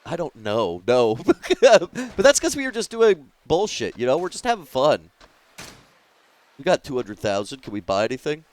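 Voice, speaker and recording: A man's voice: on the high side, very animated, normal speed, darkish tone. A young man streaming a video game, joking crudely and rambling in casual commentary.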